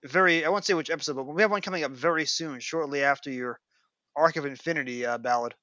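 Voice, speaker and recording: New York host, bright forceful tone, dry close sound, slightly dull lo-fi audio. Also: male voice, on the high side, fast, dry recording. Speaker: podcast host. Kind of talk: podcast chat.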